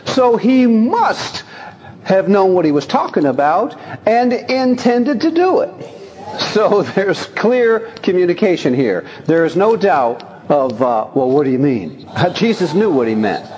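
A man preaching a sermon in a folksy, lively way, chuckling as he talks and reading scripture aloud. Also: high voice, unhurried. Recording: long hall reverb.

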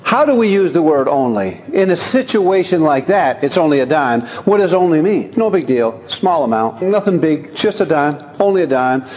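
A man preaching a sermon in a folksy, lively way, chuckling as he talks and reading scripture aloud. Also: a little high, moderate pace, few pauses. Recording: long hall reverb.

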